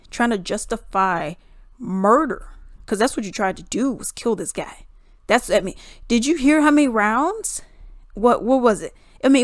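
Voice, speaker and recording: A woman giving casual, blunt commentary, animated and acting out what others said. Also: mid-range voice, dry recording, clean studio sound. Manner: blunt, animated, acts out quotes in voices.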